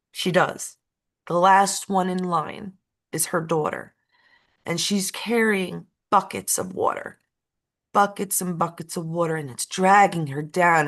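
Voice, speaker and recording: A woman's voice: on the low side, fairly bright tone. A woman tells a story in a casual chat. She talks emotionally and repeats herself, and her pace speeds up and then drags. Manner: emotional, repetitive, uneven pace. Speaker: co-host.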